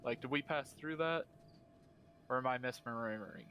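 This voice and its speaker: A man chatting at a tabletop game with friends. His voice is bright and forward, and he laughs often. Faint noise sits behind him. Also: mid-range voice, moderate pace. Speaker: player. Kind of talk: casual tabletop game chat.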